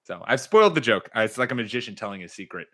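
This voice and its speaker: Male host, Minnesotan accent, lively bright tone, loose jokey delivery. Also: medium pitch, racing. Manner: animated, jokey, rambling with restarts. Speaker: podcast host. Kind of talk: casual sports podcast chat.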